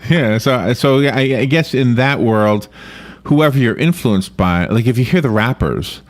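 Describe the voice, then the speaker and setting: A man's voice: medium pitch, measured pace. A man from New York with a mild New York accent, hosting a radio interview in a casual, rambling way that laughs easily. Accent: watered-down New York. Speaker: radio host.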